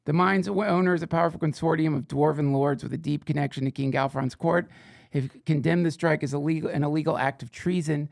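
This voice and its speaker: Male podcast host, gravelly, dry studio sound, swearing, sarcastic news-reading riffs. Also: on the high side, steady tone, brisk, no echo. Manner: profane, sarcastic asides, rambling. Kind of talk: comedic reading of fake fantasy news.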